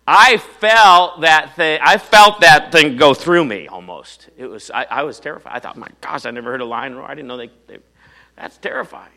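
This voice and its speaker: Forceful animated male preacher. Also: a little high. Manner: animated, conversational, rhetorical questions. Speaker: pastor. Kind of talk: sermon.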